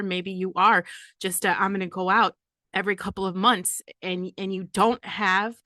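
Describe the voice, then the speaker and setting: A woman's voice: mid-range voice, pushed and bright, no echo. A woman in her forties hosting a podcast, making a candid personal confession while holding back tears. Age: 40s. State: close to tears. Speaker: podcast host.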